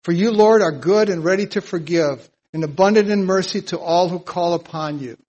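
A man teaching a psalm verse by verse in a sermon, earnest and plain-spoken, getting louder whenever he reads scripture aloud. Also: high voice, moderate pace, low-quality recording. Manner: emphatic, louder when reading scripture aloud. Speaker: Bible teacher.

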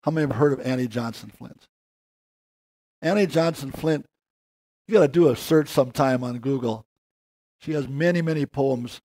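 An older man giving an earnest sermon, slowing down and rising in pitch to stress key words. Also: a little mellow. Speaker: preacher.

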